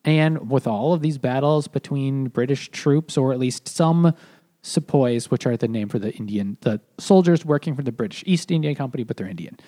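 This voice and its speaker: A man's voice: medium pitch, moderate pace, mellow. A man co-hosting a beer-and-books podcast, recapping history in a rambling way with lots of restarts. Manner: rambling, full of 'like' and restarts. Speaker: podcast co-host. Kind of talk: casual book-club chat over beers.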